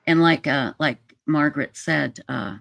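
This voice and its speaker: A livestream host chatting casually and reading viewer comments aloud, emotional and halting, with many fillers. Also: medium pitch, vocal fry, a bit bright, no room sound, studio quality.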